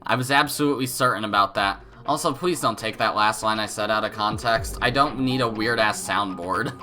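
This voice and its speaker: A man's voice: on the low side, a little fast, bright, forceful tone, soft background music. A man with a cold, hosting a let's play, reading game narration aloud with casual joking asides. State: has a cold.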